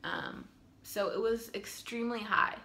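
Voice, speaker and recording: A woman's voice: mid-range voice, wildly swooping pitch, measured pace, creaky, bright, forceful tone, a little hiss or hum. A woman in her twenties earnestly telling her own birth story at home, with frequent ums. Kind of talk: casual storytelling to camera. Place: home room.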